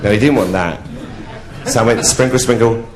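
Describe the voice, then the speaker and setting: A man's voice: fairly low pitch, animated, normal speed, a crowd in the background, noisy background. A man doing live drag stand-up comedy, bawdy and camp, laughing at his own jokes on a theatre stage. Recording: echoey theatre with audience ambience.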